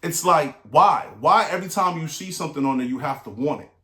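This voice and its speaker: Middle-aged man, somewhat high voice, earnest motivational talk that keeps checking in with the listener, roomy echo. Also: animated, a little fast, bright, forceful tone. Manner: earnest, repetitive, asks the listener "right?". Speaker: motivational speaker.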